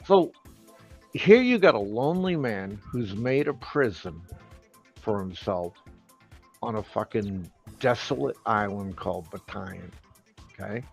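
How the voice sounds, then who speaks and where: A man on a live stream, ranting slowly and emphatically, full of profanity and mockery. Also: on the low side, animated, vocal fry, darkish tone, breathy edge, faint music behind. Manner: profane, slow and emphatic, mocking.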